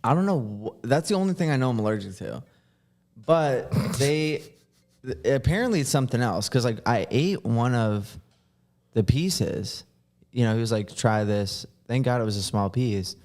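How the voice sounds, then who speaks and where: A man's voice: medium pitch, a little slow, darkish tone. A man hosting a podcast, telling a long story in a casual, rambling way with lots of fillers and swearing. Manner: rambling, swears freely, many filler likes. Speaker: podcast host.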